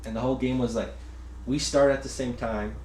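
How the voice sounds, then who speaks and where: A man's voice: medium pitch, fairly even intonation, fairly quick. Young male podcast host, rambling profane storyteller, roomy echo, faint hiss. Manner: rambling, profane, acts out quotes loudly. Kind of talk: casual storytelling chat. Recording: echoey room with faint noise.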